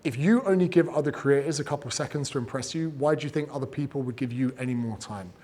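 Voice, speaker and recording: A man giving casual, energetic advice on growing an audience, swearing freely and acting out what people say. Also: mid-range voice, fast talker. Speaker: fitness and business coach giving creator advice. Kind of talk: casual talk, teaching.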